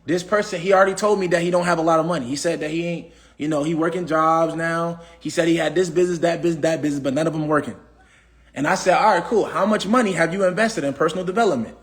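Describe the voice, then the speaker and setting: Brief: high-pitched man, AAVE, preachy livestream motivational speaker, repeats himself. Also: steady tone, fast. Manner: preachy, repetitive, asks the audience questions. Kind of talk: casual motivational talk.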